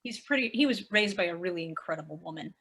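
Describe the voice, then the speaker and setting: A woman's voice: fairly low pitch, fast, husky. Passionate, emotional woman teacher. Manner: passionate, emotional, animated, says "dude". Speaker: guest, middle school science teacher. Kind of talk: casual interview chat.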